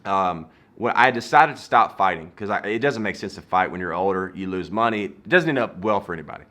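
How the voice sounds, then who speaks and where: A man, telling comedic stories in an animated, playful way, swinging between loud and soft, recorded in a garage. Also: low voice, fairly quick. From Southern United States. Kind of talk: comedic storytelling.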